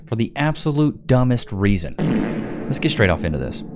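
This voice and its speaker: Mocking man with a lively voice. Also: mid-range voice, normal speed, heavy background noise. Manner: mocking, sarcastic. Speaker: commentary host. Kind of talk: reaction commentary.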